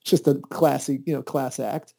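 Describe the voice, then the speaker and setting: A man telling a lively personal story in casual conversation, his voice jumping up excitedly when he quotes people. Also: normal speed, vocal fry. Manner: lively anecdotes with high-pitched, excited quoted asides.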